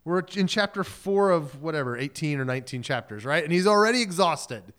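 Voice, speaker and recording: A man's voice: a little high, lively intonation, a little fast, a bit bright. A man pastor giving a sermon in a casual, joking storyteller manner. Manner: casual, joking storyteller who acts out quotes.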